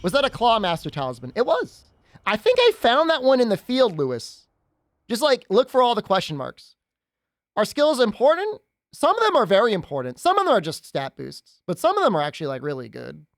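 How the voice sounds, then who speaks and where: A man's voice: sits high, huge pitch swings, fairly quick, no room sound, studio quality. A man streaming a game, chatting casually and rambling, with frequent giggles and teasing. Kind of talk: casual gaming stream chat.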